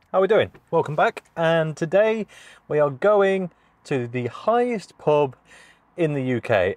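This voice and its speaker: A man's voice: medium pitch, a little mellow, no echo. Jokey man chatting in his van. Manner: jokey, chatty, self-deprecating. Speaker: food and travel vlogger. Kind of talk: casual chat to camera. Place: inside his parked van.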